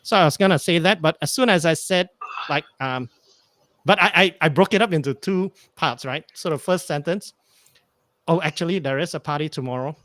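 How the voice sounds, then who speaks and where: Bright-voiced man telling a story. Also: on the high side, a little fast, dry recording. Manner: rambling, hesitant, many fillers, acts out dialogue. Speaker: podcast guest. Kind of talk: casual storytelling chat.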